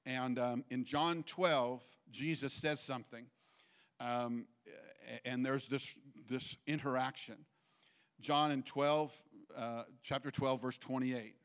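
A man preaching a sermon to a church congregation, halting with fillers and restarts, his voice lifting higher and louder when he presses a point. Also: steady tone, clean tone. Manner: rises in pitch and force when making a point. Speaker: pastor.

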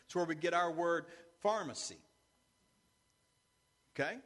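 Pastor, male, high voice, lively sermon delivery with "amen?" asides, long church reverb. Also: a little slow. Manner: animated preaching with call-and-response asides. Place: church sanctuary.

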